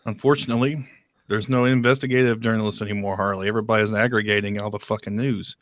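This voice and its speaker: A man's voice: fairly low pitch, fairly even intonation, quick pace, no room sound. A man co-hosting a podcast in casual chat, blunt and teasing, swearing freely. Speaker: podcast co-host.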